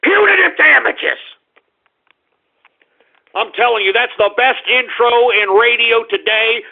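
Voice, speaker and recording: A man's voice: very high-pitched, steady tone, normal speed, vocal fry, phone-quality sound. A man hosting a call-in radio show, scolding his callers in an exasperated, profane rant.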